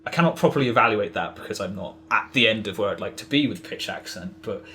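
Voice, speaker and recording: A man's voice: fairly low pitch, expressive, fast, pushed and bright, slight background noise. A man chatting casually as a podcast guest, rambling with lots of fillers and restarts. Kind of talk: casual interview chat.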